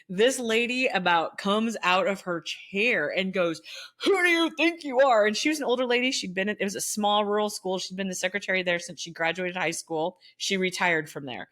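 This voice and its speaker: Woman, middle-aged, former teacher, casual chat, animated, laughing often. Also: mid-range voice.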